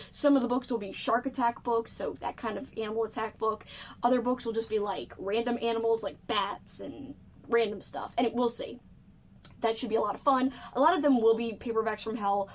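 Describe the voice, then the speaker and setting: A woman's voice: on the high side, a little hiss or hum. A woman book vlogger chatting casually to camera, bubbly and full of "like" fillers.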